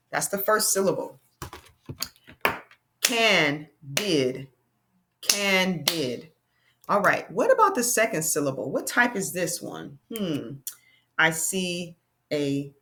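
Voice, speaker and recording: Slow, patient woman teaching phonics. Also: lowish voice, fairly bright tone. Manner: slow, patient, sounding out words for children. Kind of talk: classroom phonics lesson.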